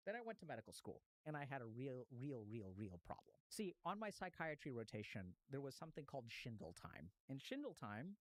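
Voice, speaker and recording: Psychiatrist guy telling a story, super lively, swings his pitch all over, slangy, dry close sound. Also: a little fast, hardly any pauses, no room sound, rough recording. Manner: lively, casual slang and swearing. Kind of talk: animated storytelling.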